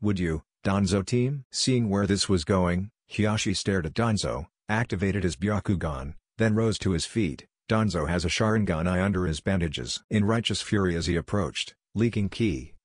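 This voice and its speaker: A man reading a fan story aloud, narrating and speaking every character in one steady voice. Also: deep voice, moderate pace, hardly any pauses, no room sound, studio quality. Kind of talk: scripted narration.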